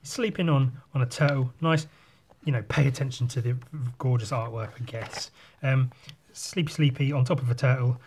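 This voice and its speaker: A man's voice: medium pitch, fairly even intonation, moderate pace, a little mellow, a little hiss or hum. A man in casual chat while drawing, rambling through a story and swearing often. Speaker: artist.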